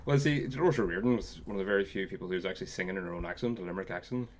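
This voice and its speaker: A low-voiced man talks fast and animatedly as a podcast host in loose, casual chat, with swearing sprinkled through. There is faint room noise behind him.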